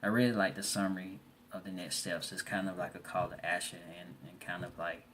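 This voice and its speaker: A man student reflecting aloud on a course reading for a discussion forum, halting and restarting often as he reads out quotes. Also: low voice, flat delivery, fairly bright tone, slight background noise.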